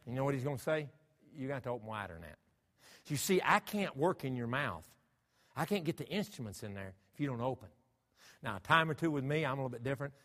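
Bright-voiced preacher in an echoing hall. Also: male voice, medium pitch, expressive, quick pace. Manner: emphatic, rhetorical questions to the congregation. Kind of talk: sermon. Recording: long hall reverb.

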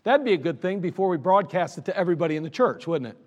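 A man's voice: sits high, expressive, rapid-fire, highs cut off. A man preaching a sermon as pastor, in a conversational style, reading scripture aloud and acting out little everyday scenes. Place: church sanctuary. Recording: long reverb of a church sanctuary.

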